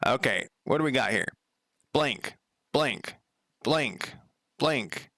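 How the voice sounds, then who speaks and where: Slow, gravelly-voiced man thinking aloud. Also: mid-range voice, lively intonation, sharp tone, dry recording, studio quality. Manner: muttering to himself, casual swearing, wry asides. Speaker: game developer streaming. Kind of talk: thinking aloud while coding.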